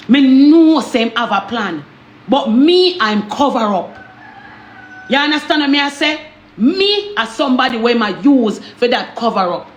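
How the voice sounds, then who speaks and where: Jamaican woman, casual storytime, high voice, echoey room, faint hiss. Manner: animated, repetitive, asks "you understand me?". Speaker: storyteller vlogger.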